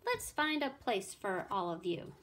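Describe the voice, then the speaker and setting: A woman reading aloud, voicing a bustling, brisk male knight in a storybook. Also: medium pitch, huge pitch swings, fairly bright tone. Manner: brisk, eager.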